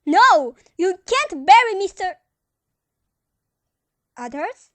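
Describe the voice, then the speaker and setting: A young woman on stage playing a flustered young male newspaperman in amateur acting, who talks in urgent, excitable bursts. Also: very high-pitched, slow pace, no room sound, heavily acted. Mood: alarmed.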